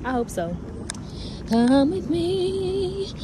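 Brief: young woman vlogger, high voice that swings all over, playful, noisy car background. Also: expressive, very slow. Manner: chatty and playful, bursts into song. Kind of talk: casual vlog chat.

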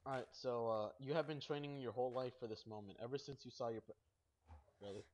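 A young man hosting a casual gaming video, goofy and excitable, rambling as he plays. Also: mid-range voice, fast. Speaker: host. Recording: dull lo-fi mic.

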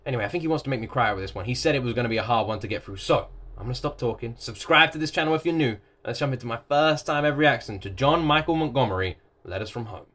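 A man hosting a music reaction video in a casual, expressive way, swinging from chatty talk to loud exclamations. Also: medium pitch, very fast, hardly any pauses.

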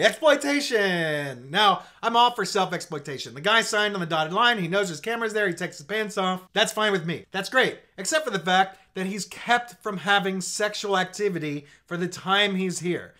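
A man's voice: sits high, animated, normal speed, hardly any pauses, pushed and bright. A man ranting profanely and sarcastically as he reviews a TV show, exasperated and scornful throughout. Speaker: TV reviewer vlogger. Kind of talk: ranting commentary.

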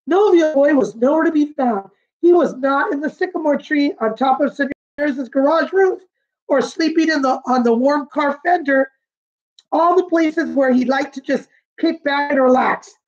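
A kindergarten teacher, a woman with a high voice, reads a picture book aloud. She stops to explain pictures and words for the children. The recording sounds dull and lo-fi. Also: moderate pace, a little mellow.

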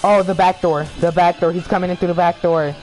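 A man's voice: high voice, steady tone. A male streamer giving live gameplay commentary, sulking and complaining, then shrieking and swearing in panic. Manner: slow, sulky complaining between outbursts. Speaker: streamer playing an online game. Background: game music.

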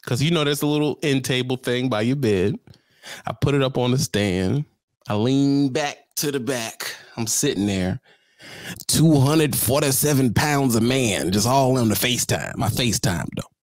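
A man's voice: mid-range voice, expressive, moderate pace, no echo, studio quality. A middle-aged man, a truck driver, telling a comic story in a chatty, slangy way and talking straight to his viewers.

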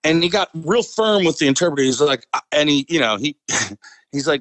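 Briskly and animatedly, a man with a fairly high, slightly bright voice tells a rambling story as a podcast guest and military veteran, full of fillers and frequent chuckles. The recording is rough, with no room sound.

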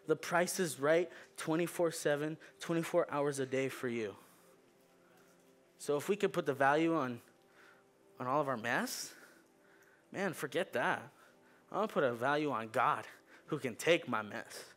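A man's voice: mid-range voice, fairly bright tone. A young man preaching a sermon in a church, casual and joking, with many fillers. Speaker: youth preacher, pastor's kid. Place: church sanctuary.

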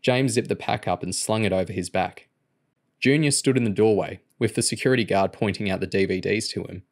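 A man with a lowish voice reads a novel aloud as an audiobook. His storytelling stays steady and even from line to line. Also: brisk. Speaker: audiobook reader. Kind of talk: audiobook narration.

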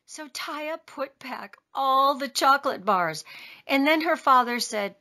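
A woman reading a children's story aloud in an expressive, sing-song way. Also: high voice, measured pace. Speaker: storybook reader.

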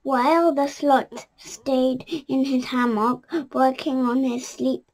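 Slow high-voiced woman storyteller. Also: little pitch movement, darkish tone. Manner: careful with small restarts. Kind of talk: reading a children's picture book aloud.

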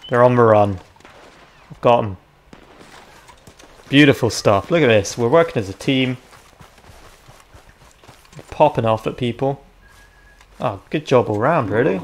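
A young man chatting casually over his gameplay, reacting out loud and swearing freely. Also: mid-range voice, slight background noise. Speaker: gaming video creator.

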